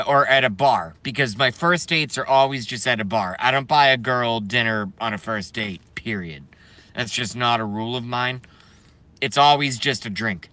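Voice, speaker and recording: A brash young man ranting on a live stream, swearing freely and rambling between viewer comments. His voice is bright and forceful, and it sounds dry and close. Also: mid-range voice, dry recording.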